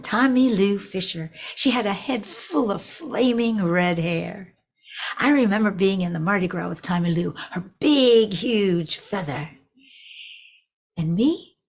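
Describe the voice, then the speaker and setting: An older woman in her eighties, from New Orleans, performing a personal story for an audience. She speaks at a middle pitch and turns to her listeners with playful, expressive asides. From New Orleans, USA. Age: 80s.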